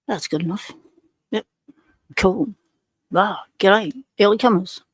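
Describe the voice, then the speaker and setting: A chatty Australian woman runs a casual livestream from home, greeting viewers one by one. She is middle-aged, with a voice at an ordinary pitch for a woman. The sound is dry and close. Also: slow pace, breathy edge, no room sound. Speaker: livestream host.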